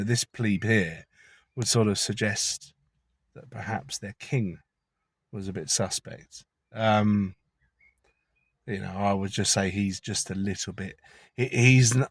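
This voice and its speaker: A vlogger sits in his car delivering a chatty, rambling, conspiratorial monologue and swearing casually. His voice is fairly low and a bit bright, captured in a dry recording.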